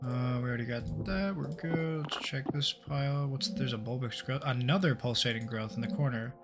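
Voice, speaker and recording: Man, streamer, reads game text aloud, casual jokey commentary, mid pitch, game music behind. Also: normal speed. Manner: casual and jokey, with swearing asides.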